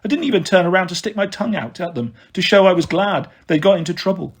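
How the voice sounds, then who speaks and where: Husky high-voiced man reading a story. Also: quick pace. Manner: steady first-person reading. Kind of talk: reading a children's novel aloud.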